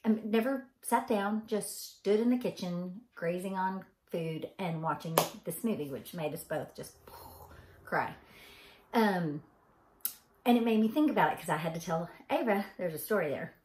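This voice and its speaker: A woman's voice: on the low side, normal speed, darkish tone. A woman from Arkansas with a Southern accent, telling a rambling story in a casual, chatty way with lots of ums. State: tired. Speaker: vlogger. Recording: echoey room.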